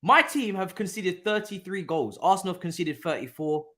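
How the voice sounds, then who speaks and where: A young man hosting a casual live football watchalong, talking in an animated, repetitive way with lots of slang and laughter. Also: high-pitched, a little fast. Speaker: watchalong host. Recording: roomy echo.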